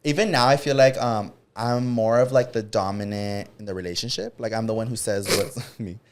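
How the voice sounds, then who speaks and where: A man's voice: lowish voice, fairly even intonation, a little fast, smooth. A man co-hosting a podcast in casual chat, talking expressively, swearing and laughing often. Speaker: podcast co-host.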